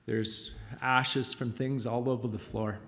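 A man's voice: mid-range voice, little pitch movement, fairly bright tone. Choked-up father's testimony in echoing hall. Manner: halting, choked up, frequent pauses and fillers. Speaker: father giving a testimony in church. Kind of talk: emotional church testimony. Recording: long reverb of a large hall.

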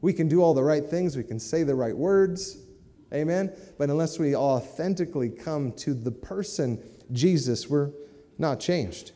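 Preaching man, dark voice in a reverberant hall. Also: fairly high pitch, measured pace. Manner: conversational preaching, with asides like "right?" and "amen?". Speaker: pastor. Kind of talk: sermon.

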